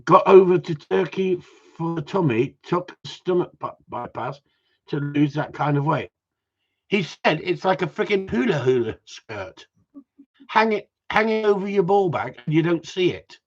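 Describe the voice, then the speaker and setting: A middle-aged man rambles through a casual live stream, blunt and full of swearing and self-mockery. His husky voice swings up and down in pitch. The audio is dull and lo-fi. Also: expressive, a little slow. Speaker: dog trainer livestreaming.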